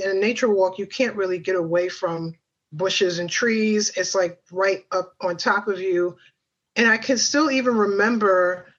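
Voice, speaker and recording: A woman's voice: medium pitch, fairly bright tone. Chatty woman telling her story, lo-fi sound. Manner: chatty, lots of fillers and asides. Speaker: podcast guest. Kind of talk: personal storytelling.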